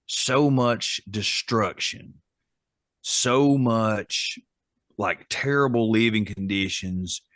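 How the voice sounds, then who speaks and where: A man's voice: fairly low pitch, drawn-out words, fairly bright tone, no echo, studio quality. A man co-hosting a casual podcast chat, reading facts aloud in a chatty, amused way. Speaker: podcast co-host.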